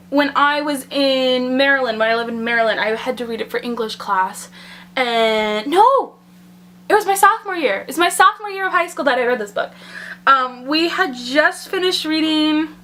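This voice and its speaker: A young woman in her twenties talks through a casual makeup tag vlog at home. She is chatty and a little nervous, rambling from one thought to the next. Her voice sits high and sounds bright and sharp. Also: a little hiss or hum. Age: 20s. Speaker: book and makeup vlogger. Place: indoors at home, away from her usual bathroom mirror.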